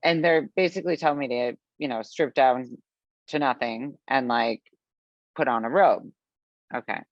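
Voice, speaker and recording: A woman from the Midwest, a podcast guest telling a long story in a chatty, animated way, full of fillers and acted-out quotes. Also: a bass voice, normal speed, no echo. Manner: animated, chatty, filler-heavy, acts out her own past lines. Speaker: podcast guest, business founder. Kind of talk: storytelling in conversation. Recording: dull, lo-fi, dry sound.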